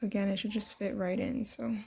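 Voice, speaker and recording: A young woman casually walking viewers through a sewing project at home, chatty and quick to laugh at herself. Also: medium pitch, flat delivery, gravelly, very noisy. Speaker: sewing tutorial host. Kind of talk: casual step-by-step sewing demo.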